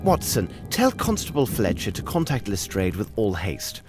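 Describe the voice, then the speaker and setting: Sherlock Holmes, haughty and clipped. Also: male voice, lowish voice, wildly swooping pitch, normal speed. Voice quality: crisp, condescending, clipped. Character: Sherlock Holmes, sharp aloof Victorian detective. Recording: game audio under music.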